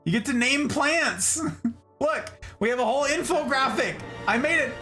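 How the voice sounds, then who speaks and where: A man chatting casually on a live stream, effusive and quick to laugh as he greets his viewers. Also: very high voice, lively intonation, music in the background.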